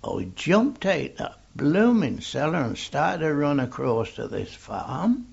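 This is an older English man telling an oral history in a rambling, matter-of-fact way. His voice is gravelly and husky, and he takes his time. The recording sounds dull and lo-fi, like old tape. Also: a little high, very animated, slow pace, a little mellow. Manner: rambling, anecdotal, plainspoken. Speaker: old soldier recalling the war.

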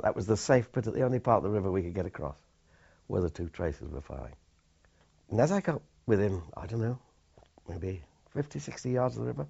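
Husky older man recalling wartime. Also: fairly low pitch, warm tone. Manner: plain and halting, with many restarts. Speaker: war veteran. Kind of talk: oral history recollection. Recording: dull lo-fi recording.

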